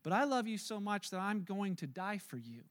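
A preacher as casual plain-talking Jesus. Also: male voice, sits high, very animated, moderate pace, a bit bright. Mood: earnest. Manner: casual, conversational. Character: Jesus as a warm, plain-spoken friend.

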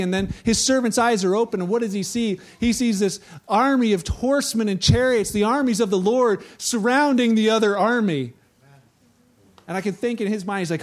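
A man preaching a conversational sermon, telling a story in an animated way and acting out the voices. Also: sits high, a little fast. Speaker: pastor.

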